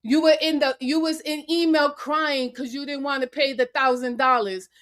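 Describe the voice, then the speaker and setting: A woman with a high voice rants furiously on a live-stream panel. She is confrontational, curses freely and hammers her challenges over and over. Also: steady tone, normal speed, a bit bright. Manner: angry, confrontational, cursing; repeats taunts and challenges. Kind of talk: heated live-stream rant. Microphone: remote call into a live stream.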